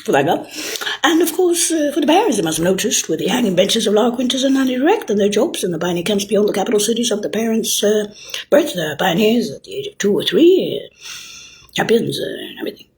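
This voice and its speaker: A woman in a rambling monologue who swears a lot and swings from shouting to whispering. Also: medium pitch, big pitch swings, fairly quick.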